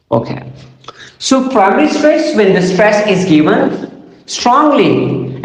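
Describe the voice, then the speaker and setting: A man giving a slow lecture on phonology, repeating example words aloud. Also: high voice. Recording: echoey room with long reverb.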